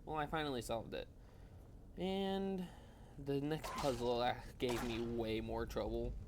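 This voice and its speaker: A man's voice: mid-range voice, fairly even intonation, measured pace. Young man, tired and yawning, rambling gameplay commentary, self-deprecating, faint hum behind. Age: young adult. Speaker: gaming video host. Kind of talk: casual gameplay commentary voice-over.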